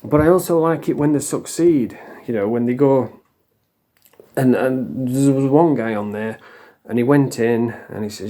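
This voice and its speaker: Blunt man, mellow voice. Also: medium pitch, normal speed. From England. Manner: rambling, blunt, swears freely, mimics people in quotes. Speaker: vlogger. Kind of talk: casual talking-to-camera monologue.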